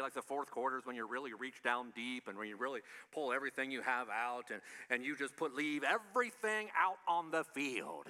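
Bright-voiced man preaching conversationally. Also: fairly high pitch. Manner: conversational, asks the congregation questions. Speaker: pastor. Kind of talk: sermon.

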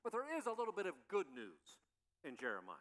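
A man delivers a sermon with a high, bright and forceful voice. He talks conversationally and keeps circling back to rhetorical questions. A long hall reverb trails his words. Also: wildly swooping pitch, a little fast. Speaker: pastor.

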